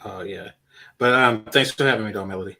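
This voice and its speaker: A man who is a guest on a casual podcast, talking in a hesitant, halting way with many fillers. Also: lowish voice, sharp tone. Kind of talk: casual chat.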